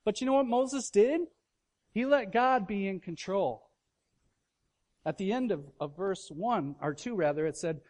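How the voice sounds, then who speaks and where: A man preaching a sermon to his congregation, animated, with loud emphatic bursts and quiet asides, asking questions and acting out quoted voices. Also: sits high, moderate pace. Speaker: pastor.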